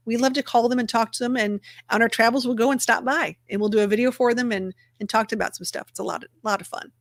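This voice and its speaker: A woman's voice: on the high side, a bit bright, no room sound, studio quality. Chatty upbeat woman livestream host. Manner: chatty and upbeat, narrating her clicks aloud. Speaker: livestream host for a dog rescue community. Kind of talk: casual livestream chat while sharing her screen.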